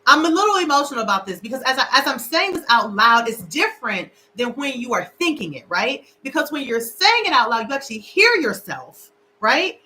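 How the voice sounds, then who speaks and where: A woman's voice: high voice, sing-song, fairly quick, bright, forceful tone, a little hiss or hum, rough recording. A middle-aged woman hosting a casual livestream, candid and emotional, talking straight to her viewers. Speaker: show host. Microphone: livestream camera.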